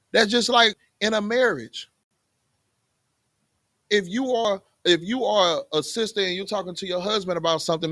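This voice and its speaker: A man's voice: high voice, a bit bright, no room sound, clean studio sound. A man teaching a Bible class in plain everyday talk, often putting rhetorical questions to his students. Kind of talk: conversational scripture teaching.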